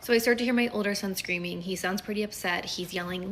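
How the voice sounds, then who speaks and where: A woman in her thirties, a kindergarten teacher and mother, telling a casual story in an animated, chatty way with quick asides. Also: lowish voice, slight background noise.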